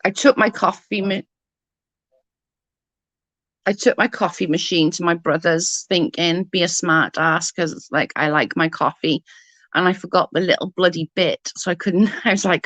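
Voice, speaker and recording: A woman's voice: on the low side, normal speed, fairly bright tone, no echo, poor audio. A middle-aged British woman chatting casually with viewers on a livestream, rambling as she answers comments.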